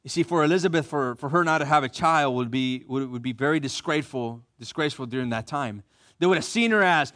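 A man preaching a sermon as pastor, reading scripture slowly and softly, then speaking up for lively asides. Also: mid-range voice.

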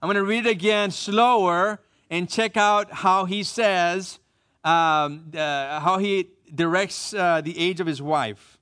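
Man, pastor, sermon, slightly high voice, soft slow scripture reading, louder asides. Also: clear, resonant tone. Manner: reads scripture slowly and softly, then speaks up for asides.

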